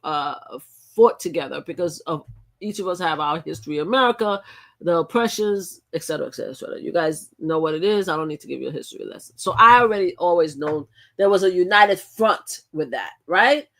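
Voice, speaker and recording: A woman's voice: on the low side, lively intonation, a little fast, fairly bright tone. A middle-aged woman hosting a live stream, talking in a rambling, emphatic way with frequent restarts. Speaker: livestream host. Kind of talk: casual live-stream commentary.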